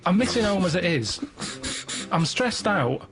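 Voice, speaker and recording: A man co-hosting a comedy radio show, telling rambling stories in a deadpan way. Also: high voice, a little slow. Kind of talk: casual comedic radio chat. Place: radio studio.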